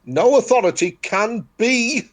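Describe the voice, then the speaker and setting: A man's voice: high-pitched, expressive, a little slow. A man with a Yorkshire accent talking in casual chat, making blunt, repeated declarations. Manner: emphatic, repetitive, declaring.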